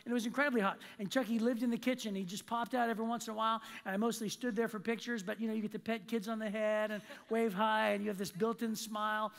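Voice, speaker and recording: A man's voice: high-pitched, fast talker, gravelly, few pauses. A man preaching a sermon in a church auditorium, telling a story and acting out the quotes. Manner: animated storytelling with acted-out quotes. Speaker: pastor. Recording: long hall reverb.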